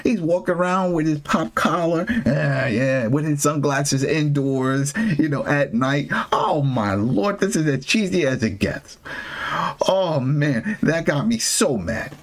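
A man's voice: on the high side, animated, unhurried. A man hosting a casual TV recap, ranting with exasperation and frequent restarts. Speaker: TV show recap host. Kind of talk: casual opinionated recap chat.

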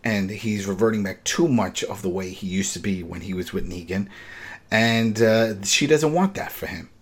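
A man with a husky, low-set voice hosts a casual chat, walking through a TV episode scene by scene. He retells it with animation and slips into the characters' lines as he goes. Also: normal speed. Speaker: podcast host.

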